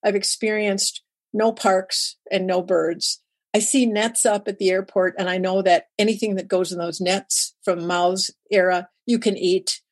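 A woman, a writer and public speaker, talks as an interview guest. She tells her stories in a lively way and jumps up in pitch to act out what other people said. Her voice sits at an ordinary middle pitch. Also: a little slow. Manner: lively storyteller who acts out quoted dialogue. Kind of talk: conversational interview storytelling.

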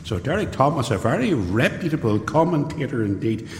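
A man's voice: sing-song, a little fast. Man, preacher, sermon, earnest, emphatic, reverberant hall. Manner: earnest, emphatic, rising pitch on key points. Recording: echoey hall with long reverb.

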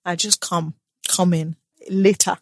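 A woman's voice: fairly low pitch, measured pace, no room sound. Young female co-host, chatty and teasing, dry studio voice. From Nigeria. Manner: animated, playful, mock-smug impressions. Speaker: podcast co-host. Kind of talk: casual chat.

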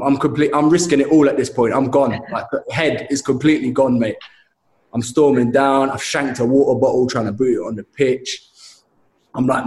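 Young man, lively storyteller, casual chat, echoey room. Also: mid-range voice. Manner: animated storytelling, says mate a lot. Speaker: guest telling a story.

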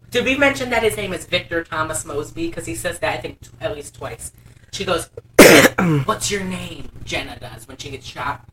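A woman co-hosting a casual movie recap podcast, telling the plot in an animated, profane way with lots of laughing. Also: low-pitched, measured pace, pauses often, distant mic, a little hiss or hum, rough recording. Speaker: podcast co-host.

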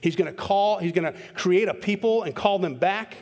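A man preaching a sermon as pastor, animated and self-interrupting, jumping into sudden high bursts when acting out quotes. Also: normal speed, big-room sound.

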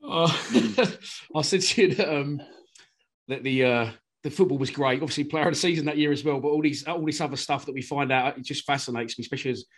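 A man hosts a chatty interview and asks his guest about old seasons. He talks fast, and his voice sits a little high. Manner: quick, chatty, fan-like questions. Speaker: podcast host, interviewer. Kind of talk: casual interview.

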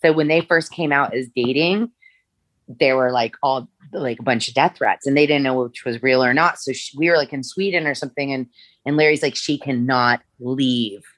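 A woman's voice: very deep voice, a little fast, no echo. A woman guest in an interview, telling long stories in a rambling way with many fillers and restarts. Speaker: former makeup artist, guest. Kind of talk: storytelling interview.

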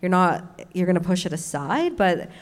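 A woman co-hosting a casual advice chat, speaking haltingly with stammering restarts and many fillers. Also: on the low side, sing-song.

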